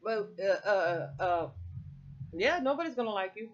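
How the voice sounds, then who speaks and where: A woman's voice: medium pitch, animated, a little slow, slight background noise. Middle aged woman ranting n cussing, all over the place, dull muffled sound. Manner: profane, rambling, heated. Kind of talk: casual political rant to camera. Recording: muffled lo-fi recording.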